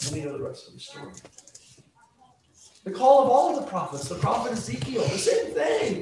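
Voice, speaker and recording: Animated male preacher in an echoey room. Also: very high-pitched, normal speed, long pauses. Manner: conversational teaching, acts out scenes. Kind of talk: sermon. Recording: echoey room, distant mic, faint noise.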